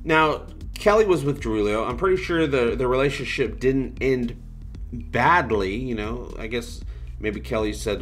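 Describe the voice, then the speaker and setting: A man's voice: medium pitch, normal speed, soft background music. A man hosting a casual livestream, reading out viewer comments and joking around in a loose, rambling way. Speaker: livestream host.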